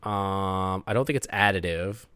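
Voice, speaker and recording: A man's voice: sits low, unhurried, fairly bright tone, clean tone, dry recording. A man commentating a game on a live stream, playful and joking. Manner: playful, joking, laughs often.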